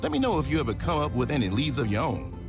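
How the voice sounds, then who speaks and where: A man's voice: mid-range voice, animated, fast, lightly acted. A man voicing a polite, easygoing young male peacekeeper in a video game, speaking with a slight Southern US twang in a laid-back, dry, courteous way. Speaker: investigating officer in a game. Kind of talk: voiced game dialogue. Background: game music.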